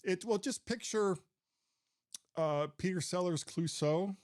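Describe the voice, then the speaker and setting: A man hosting a tech podcast, chatting in an animated way. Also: high voice, takes it slowly, no room sound, clean studio sound. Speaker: podcast host. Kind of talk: casual tech podcast chat.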